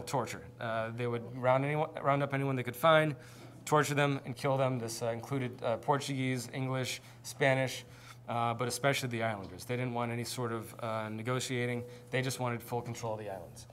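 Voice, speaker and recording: A man's voice: medium pitch, steady tone, fairly quick, fairly bright tone, slight background noise. A man presenting a seminar, telling history in an informal, conversational way. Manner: conversational storytelling. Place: presentation with slides.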